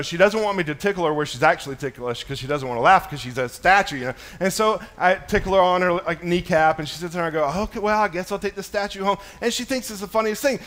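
A man in his thirties preaching a sermon as a pastor, casual and conversational, with many fillers, shifting between soft storytelling and louder emphatic stresses. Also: high-pitched. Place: church.

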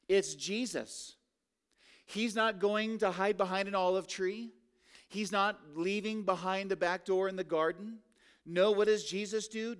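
High-voiced preacher, slowing for emphasis. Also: male voice. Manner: dramatic, rhetorical questions, slows for emphasis. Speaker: pastor. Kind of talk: expository sermon.

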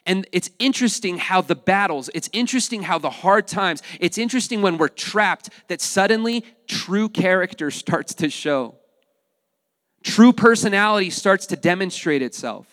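High-voiced male pastor preaching. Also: moderate pace, dry recording, clean studio sound, long reverb tail. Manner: animated, acts out voices, addresses the congregation. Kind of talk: sermon.

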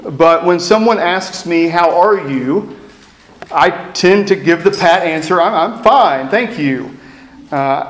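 A man, preaching a sermon as pastor with reflective, self-deprecating storytelling. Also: high-pitched. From East Texas. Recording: echoey room.

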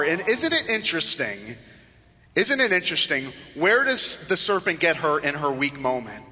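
Man, pastor preaching in a church, high voice, long hall reverb, slips into hushed mocking asides. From South Florida. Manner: acts out the serpent's mocking voice in low hushed tones. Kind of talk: sermon. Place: church sanctuary.

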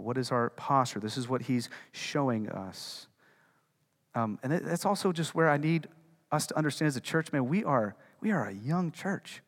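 A man's voice: medium pitch, long reverb tail. A male pastor preaching a sermon in a conversational way, putting questions to the congregation and repeating words. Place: church hall.

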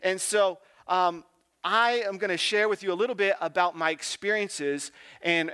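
Youth pastor guy, high voice, super casual and jokey, lots of "like" and "right?". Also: a bit bright, smooth. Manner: informal and joking, with lots of "like" and "right?". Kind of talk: casual sermon talk.

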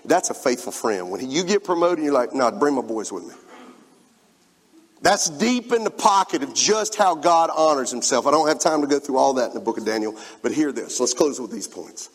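A man with a fairly high, lively voice preaches a sermon a little fast and hardly pauses, reading scripture emphatically and calling out to his congregation. His loudness rises and falls, and he throws in spoken asides to the room. It was recorded in a church sanctuary, a large hall with long reverb.

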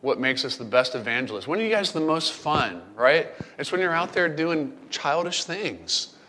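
Middle-aged pastor preaching in a reverberant hall. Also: male voice, fairly high pitch, normal speed, a little hiss or hum. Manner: storytelling, playful and animated. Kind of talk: sermon. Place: camp meeting hall.

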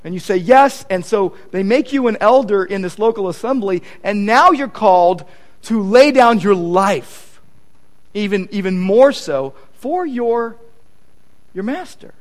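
A man preaches a sermon in a fairly high voice that swoops up and down. He repeats key points for emphasis and acts out the conversations he quotes. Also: animated, a little slow. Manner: emphatic repetition. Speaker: pastor.

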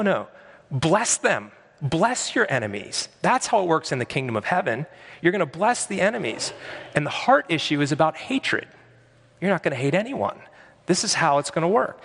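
Pastor guy preaching, earnest, kinda high voice, lots of church echo. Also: a bit bright. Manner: earnest, emphatic preaching with repeated phrases. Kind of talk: sermon. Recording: long hall reverb.

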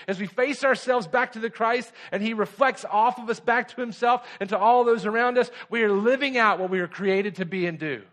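High-voiced earnest preaching pastor. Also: male voice. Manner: earnest preaching, rising to fervent emphasis, dropping to soft hushed passages. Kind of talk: sermon.

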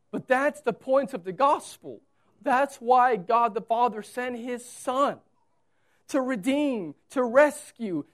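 Dramatic preacher with hushed passages. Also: mid-range voice. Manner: dramatic, swings from loud urgency to hushed, soft storytelling; asks the listeners to imagine scenes. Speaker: pastor. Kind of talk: sermon.

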